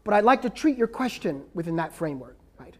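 A man's voice: high-pitched, sing-song, quick pace, darkish tone. Emphatic male professor lecturing. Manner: emphatic, frequently ends points with "right?". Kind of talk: lecture with audience questions.

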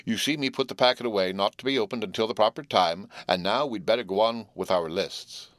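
A man's voice: on the low side, fairly quick, a bit bright, no room sound, lightly acted. A man voicing an earnest teenage boy who leads his friends and explains the trip plans, in a dry storybook reading. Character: eager teenage boy, trip leader, steady.

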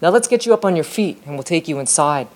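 A woman voicing a grown male teacher who speaks calmly and reassuringly to a hurt boy. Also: sits low, fast. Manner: calm, reassuring. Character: gentle adult male teacher on recess duty.

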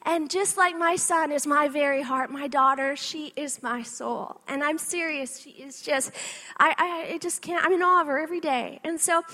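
A woman with a very high, bright voice speaks to a live audience. She gives a faith-based motivational talk, telling animated personal stories and often stopping to ask "okay?". She sounds like she is in her thirties. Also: moderate pace. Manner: animated storytelling with frequent "okay?" asides.

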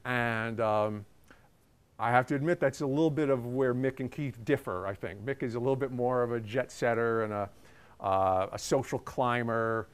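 Man, journalist, casual storytelling, smooth resonant voice, chatty with filler words. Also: medium pitch, moderate pace. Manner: chatty, with many ums and uhs. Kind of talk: casual anecdote telling.

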